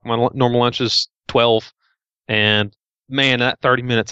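A man's voice: medium pitch, flat delivery, measured pace, pushed and bright, clean tone, dry recording. A man with a Southern US accent co-hosting a podcast, an easygoing storyteller with folksy phrasing. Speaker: podcast co-host. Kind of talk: casual podcast chat. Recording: dry, slightly dull mic.

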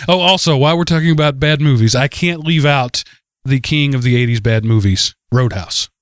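A man hosting a casual podcast, laughing often and talking in an animated way as he reads out listener mail. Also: mid-range voice, fairly quick, no echo, studio quality. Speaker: podcast host.

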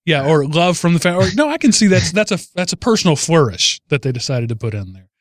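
A man's voice: fairly high pitch, big pitch swings, fast talker, no echo, studio quality. A man hosting a casual podcast chat, telling a news story with amused chuckles. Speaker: podcast host.

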